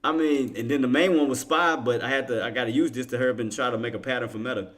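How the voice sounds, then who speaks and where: A man's voice: mid-range voice, steady tone, fast, fairly bright tone. A man hosting a trading livestream, joking and laughing with his chat in loose, slangy banter. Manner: laughing, teasing banter with viewers. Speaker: stock trading livestream host. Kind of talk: casual livestream commentary to chat.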